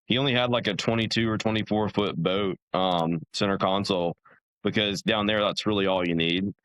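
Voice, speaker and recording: A man's voice: on the low side, normal speed, fairly bright tone, dry recording, rough recording. Young man, podcast guest, casual rambling storytelling, resonant voice, dry close sound. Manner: rambling, many fillers and restarts.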